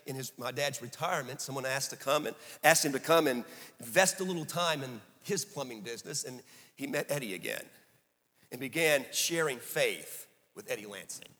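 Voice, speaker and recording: A middle-aged man preaching a sermon as a story, swinging from hushed passages to emphatic peaks. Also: mid-range voice, lively intonation, normal speed. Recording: echoey hall.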